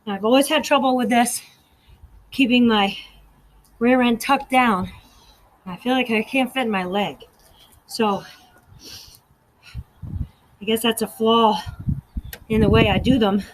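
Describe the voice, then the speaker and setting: A woman's voice: fairly high pitch, unhurried, pauses often, rough recording. Breathless woman leading a workout. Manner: counts reps aloud, encouraging. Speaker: fitness instructor. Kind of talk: guided workout instruction.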